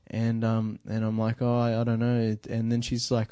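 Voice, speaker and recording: Young man, mellow dark tone, dry close sound, chatty storyteller. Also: on the low side, completely flat delivery, normal speed, few pauses, dry recording. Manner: chatty storyteller, laughs easily. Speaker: podcast guest. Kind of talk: casual chat.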